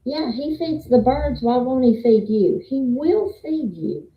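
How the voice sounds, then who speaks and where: A woman's voice: sits high, lively intonation, a little slow. An older woman with a Southern accent giving a rambling, testimony-style faith talk and quoting scripture. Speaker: faith vlogger and meeting moderator. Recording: roomy, dull lo-fi sound.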